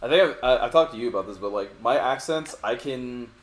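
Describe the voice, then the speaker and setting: A man's voice: mid-range voice, lively intonation, quick pace. A man hosting a let's play, talking casually and rambling through co-op gameplay commentary with the odd swear. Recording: echoey room, faint game music.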